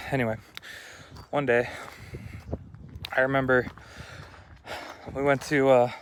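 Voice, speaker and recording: A man rambles casually to his phone while hiking a hillside trail, dropping slang every few words. His voice sits in a middle register. Steady outdoor noise runs under the recording. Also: mid-range voice, slow pace. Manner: rambling and laid-back, full of slang like "dude". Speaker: vlogger.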